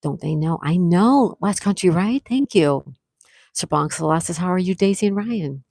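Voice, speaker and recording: A woman hosting a live stream, reading chat comments and excitedly thanking viewers, with frequent gasps. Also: on the low side, moderate pace, gravelly, dry recording, studio quality. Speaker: livestream host.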